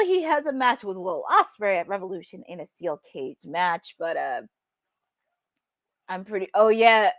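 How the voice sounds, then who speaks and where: A woman hosting a live watch-along, chatting excitably and laughing often as she reacts to the action. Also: mid-range voice, no room sound, clean studio sound. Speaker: host.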